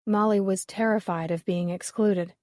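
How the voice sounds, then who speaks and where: An audiobook narrator with a mid-range voice reads a mystery in a measured, even storytelling style. The scripted narration is dry and studio quality.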